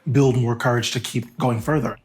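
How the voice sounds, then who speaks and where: A man's voice: medium pitch, fairly even intonation, normal speed, a little mellow, soft background music. A man, a talk show guest, speaking earnestly and openly in casual chat. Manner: earnest, open, laughs easily.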